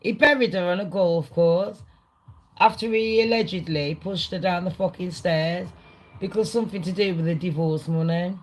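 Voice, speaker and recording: A woman hosting a livestream, ranting casually to her chat in an excitable, rambling way, swearing a lot. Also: on the low side, normal speed, poor audio. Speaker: livestream host. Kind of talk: casual rant to a live chat.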